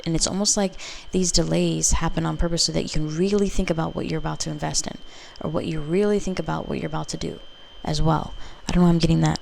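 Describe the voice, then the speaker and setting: A woman with a low, gravelly voice gives a casual pick-a-card tarot reading. She talks in a flat, even tone and rambles from one intuition to the next, full of filler words. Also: fast, hardly any pauses, a little hiss or hum. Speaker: tarot reader.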